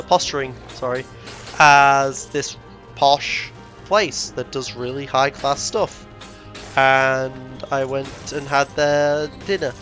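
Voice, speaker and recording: A man's voice: a little high, a bit bright. A young man vlogging casually, rambling with frequent self-corrections and indignant asides. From Britain. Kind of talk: casual rambling travel vlog.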